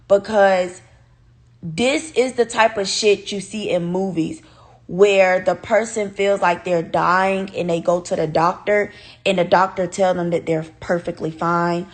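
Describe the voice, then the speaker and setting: Woman, casual storytime vlog, candid and animated, swears freely, talks to viewers, mid-pitched voice. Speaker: vlogger telling a personal story.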